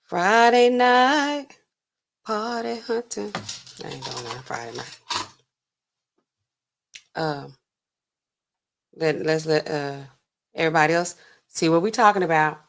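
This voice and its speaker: Now she speaks in a low, slightly bright voice, unhurried and with long pauses. Still the sassy pharmacist livestreamer, she talks to chat and laughs in disbelief.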